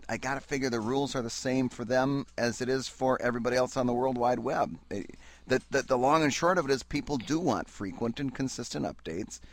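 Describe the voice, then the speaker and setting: A man co-hosting a casual podcast, explaining earnestly with many restarts. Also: mid-range voice. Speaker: podcast co-host. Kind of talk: casual chat.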